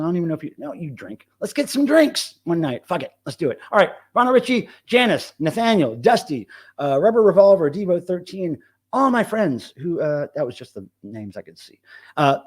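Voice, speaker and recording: Animated, profane livestream host man. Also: on the high side. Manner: loose, profane, reading chat aloud, animated. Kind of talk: casual live-stream chat.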